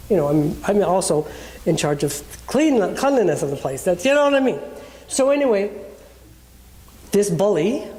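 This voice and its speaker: A woman's voice: on the low side, mellow, a little hiss or hum. A woman minister preaching in a conversational way, telling a personal story and acting out the people in it.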